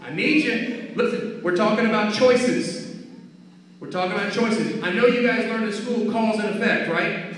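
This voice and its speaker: A man giving an energetic motivational talk to schoolchildren, repeating key phrases and calling for answers. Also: high voice, moderate pace. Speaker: guest speaker at a school. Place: school hall or gym. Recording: echoey hall picked up from far off.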